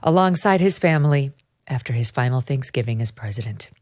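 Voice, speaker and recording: A woman's voice: very deep voice, expressive, drawn-out words, voice pushed down, heavily acted. A woman putting on a 1950s Hollywood mid-Atlantic accent, reading text in a theatrical, mock-dramatic way.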